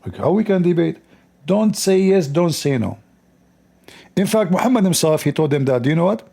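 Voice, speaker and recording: A man's voice: fairly high pitch, expressive, normal speed, gravelly, mellow, slightly rough. Mocking man. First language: Arabic. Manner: mocking, repetitive, emphatic. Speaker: host of a call-in debate show. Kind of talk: combative live-stream commentary.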